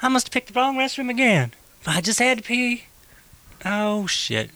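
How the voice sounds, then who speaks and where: A woman's voice: a little high, sing-song, normal speed, a bit bright, a little hiss or hum. A woman voicing a flustered camp man who walked into the wrong restroom.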